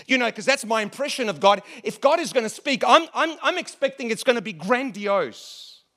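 A man with a fairly high voice preaches a sermon to his congregation. He stumbles and repeats words as he builds his points, then drops to a hushed near-whisper on the key phrases. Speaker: pastor.

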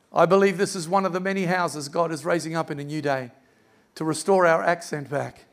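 A man's voice: sits high, gravelly. A middle-aged man, preaching an earnest, personal sermon in a church and quoting scripture. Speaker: pastor.

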